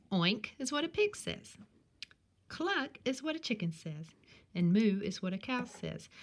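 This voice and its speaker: Sing-song woman teaching young children. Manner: slow, sing-song teacher voice with questions that leap high. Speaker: primary school teacher. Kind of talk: recorded remote class lesson.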